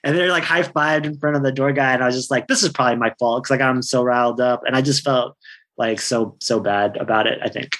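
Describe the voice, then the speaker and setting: A man's voice: mid-range voice, brisk, fairly bright tone. A man in his thirties, a stand-up comedian, telling stories in a rambling, laid-back way, swearing freely and laughing often. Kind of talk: casual chat.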